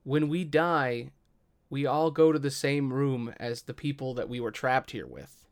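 A man's voice: medium pitch, clean tone, close to an everyday voice. A man voicing a resentful young male kobold who pleads and accuses. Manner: pleading and angry.

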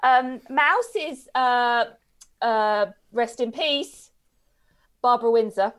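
A woman co-hosting a podcast, chatting in a relaxed, hesitant way. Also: on the high side, takes it slowly, clear, resonant tone. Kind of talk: casual chat.

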